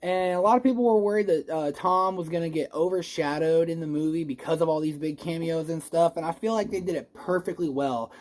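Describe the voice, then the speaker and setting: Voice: mid-range voice, brisk, few pauses. A movie reviewer in a casual spoiler review vlog who says they are a little stoned. They ramble and gush, swear freely and restart sentences often. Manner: rambling, gushing, swears a lot; excitable, emotional, restarts often.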